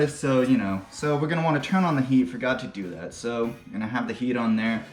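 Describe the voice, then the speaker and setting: A man with a medium-pitched voice hosts a casual cooking demonstration in his home kitchen, speaking a little fast with few pauses. His talk is crude, laced with joking, rambling asides, and the echoey room carries faint music.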